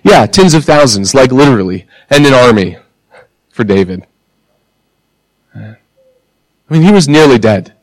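A man's voice: mid-range voice, very animated, no echo, low-quality recording. Dry-sounding male pastor preaching. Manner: conversational preaching with rhetorical questions and pauses. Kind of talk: sermon.

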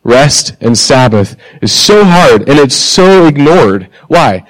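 A man preaching a sermon in a conversational way, asking the congregation questions and pausing for emphasis. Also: mid-range voice, very animated, dry recording, low-quality recording. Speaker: pastor.

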